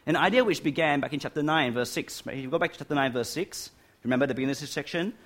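A man's voice: a little high, quick pace, a bit bright. Man preaching, lots of "right?". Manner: stresses key words, asks "right?" often. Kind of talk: sermon. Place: church hall with air conditioning.

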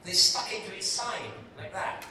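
An older man, a guest actor, tells lively anecdotes on stage and slips into voices as he goes. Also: high-pitched, moderate pace, distant mic. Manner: animated storyteller, acts out voices, laughing. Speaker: guest actor at a fan convention Q and A. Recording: echoey hall heard from afar with crowd. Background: audience laughter.

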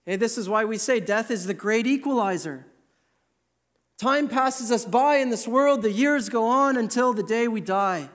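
High-voiced earnest male preacher. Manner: earnest, emphatic, slows down to stress key words. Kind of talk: sermon.

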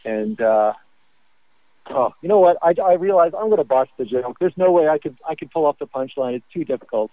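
A man's voice: on the high side, lively intonation, a little fast, no echo. A man co-hosting a podcast by phone while driving, telling a joke in a hesitant, rambling way full of fillers. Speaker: podcast co-host. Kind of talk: casual chat by phone. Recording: tinny phone line.

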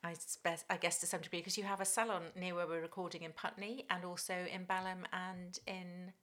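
A woman's voice: on the low side, little pitch movement, a little fast. A woman hosting an interview in a podcast studio, asking questions and laughing along with her guest. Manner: warm, laughing interviewer with many fillers. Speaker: podcast host.

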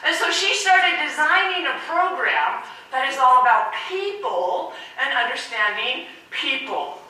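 Bright, animated woman giving a keynote. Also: sits high, measured pace, a little hiss or hum. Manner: energetic, animated, asks the audience questions. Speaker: motivational speaker. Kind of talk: keynote speech to a live audience. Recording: echoey hall, mic from far off.

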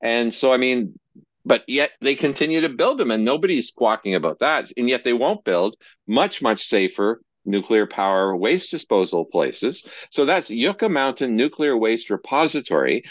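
A man hosting a podcast interview, chatty and quick to laugh. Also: mid-range voice, no room sound, highs cut off. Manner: lively, chatty, laughs easily. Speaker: podcast host. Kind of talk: casual interview chat.

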